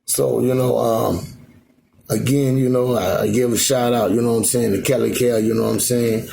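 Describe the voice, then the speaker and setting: A man with a gravelly, creaky voice rambles into his phone camera from home. His talk is loose and repetitive, full of filler phrases and restarts, at a middling pitch. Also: steady tone, normal speed, dark tone, a little hiss or hum. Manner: loose, repetitive, full of "you know what I'm saying". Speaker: vlogger. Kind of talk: rambling casual monologue. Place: at home in Alaska.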